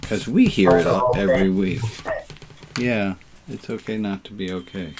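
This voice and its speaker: A man with a fairly low voice, leading a relaxed online service as the rabbi. He banters warmly with the congregation and slips in groan-worthy puns. The sound comes through a computer mic on a video call. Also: moderate pace, noisy background. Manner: jovial, punning, chatty with the congregation. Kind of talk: informal sermon over a video call.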